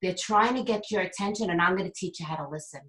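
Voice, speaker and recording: Speaking fast in a mid-range, fairly bright voice, this psychic medium and teacher is a guest on an interview show. Her storytelling is casual and full of fillers and restarts, and she performs the quoted lines. There's a roomy echo on the recording.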